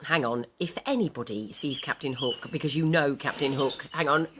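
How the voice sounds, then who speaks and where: A woman's voice: rumbling low, moderate pace. A woman hosting a children's show, playful and sing-song. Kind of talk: animated children's show presenting. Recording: noisy home recording.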